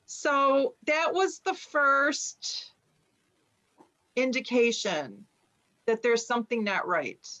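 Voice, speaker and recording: A woman's voice: on the high side, animated, slow, pauses often, pushed and bright. Middle-aged American woman telling a personal story. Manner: conversational, many fillers, acts out quoted speech. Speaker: author and journalist. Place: home room with bookshelves behind her. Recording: dull lo-fi sound.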